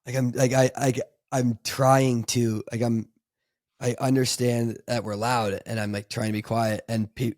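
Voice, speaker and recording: Speaking a little slowly in a flat, slightly mellow medium-pitched voice, a man co-hosts a podcast full of casual, rambling chat. Fillers, restarts, and laughs are frequent, and the audio is dry and clean, studio-recorded.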